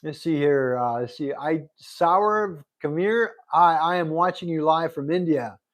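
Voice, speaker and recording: A man's voice: on the high side, measured pace. A middle-aged man hosting a casual livestream, reading viewer comments aloud and thanking them over and over. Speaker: livestream host. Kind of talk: casual live chat. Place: Arizona.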